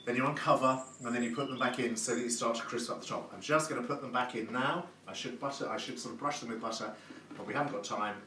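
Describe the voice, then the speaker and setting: A man's voice: mid-range voice, quick pace, bright, forceful tone. A man hosting a live cooking demonstration from his kitchen, chatty and effusive and full of praise words. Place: home kitchen. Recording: echoey room, distant mic, background noise.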